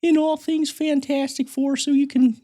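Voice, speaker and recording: A man's voice: very high-pitched, flat delivery, normal speed, mellow, pitched above the performer's own voice. A man voicing a pompous, nerdy male superfan podcaster who brags, rambles and giggles. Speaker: fake guest.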